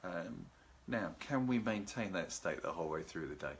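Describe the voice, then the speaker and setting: A male seminar host gives a live video talk on relaxation from his home, a garden behind him. He speaks low, calm and unhurried, greeting live viewers by name, with a little hiss or hum in the audio.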